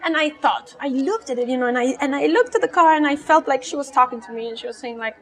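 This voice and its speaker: High-voiced woman telling lively stories. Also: fast. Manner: lively, laughing, acts out quotes. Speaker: interview guest, rally driver. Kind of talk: animated storytelling in conversation.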